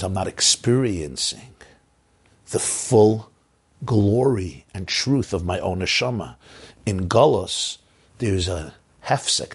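A man teaching a Torah sermon, reading passages with a pronunciation and speaking intensely, swinging between loud emphasis and hushed asides. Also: fairly low pitch, breathy edge. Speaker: rabbi. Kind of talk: Torah sermon with guided meditation.

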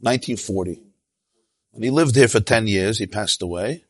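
A man giving a sermon as a rabbi, telling an animated story with quoted voices and Yiddish and Hebrew terms mixed in. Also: lowish voice, moderate pace, no room sound. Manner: animated, tells stories with quoted voices and asides.

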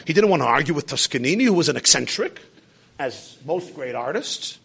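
A man preaching a sermon, telling a story, swinging between shouts and hushed asides, and sprinkling in Hebrew and Yiddish terms. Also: a little high, sing-song, brisk, gravelly, slightly rough.

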